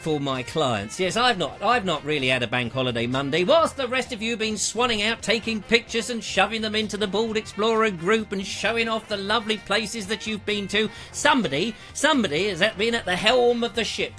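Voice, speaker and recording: Playful high-voiced man hosting. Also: fairly quick, few pauses, bright, forceful tone, faint music behind. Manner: playful, jokey, theatrical, self-mocking. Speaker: host of a live online show. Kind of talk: casual live-stream chat.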